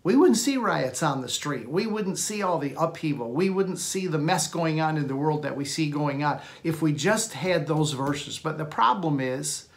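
A man's voice: on the high side, lively intonation, normal speed, vocal fry, hardly any pauses. A man preaching a Sunday sermon, reading scripture aloud and explaining it with earnest emphasis. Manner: earnest preaching, reads scripture aloud, repeats words when restarting. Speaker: pastor.

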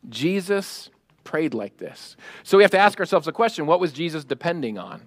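In a studio-quality recording with no room sound, a pastor gives a lively sermon, dramatizing prayers and raising his voice for quotations amid frequent laughter. He sounds a little high and keeps a moderate pace.

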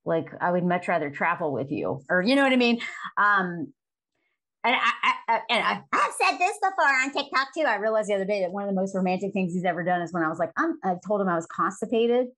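Woman in her forties, candid guest, salty and laughing, average pitch. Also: animated, fast, a bit bright. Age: 40s. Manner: frank, laughs often, swears casually. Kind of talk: candid conversational interview.

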